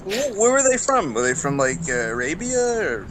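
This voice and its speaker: A man's voice: sits high, big pitch swings, normal speed, a bit bright, a little hiss or hum. A man on a stream call, chatting casually and telling stories with some hesitation. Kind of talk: casual chat.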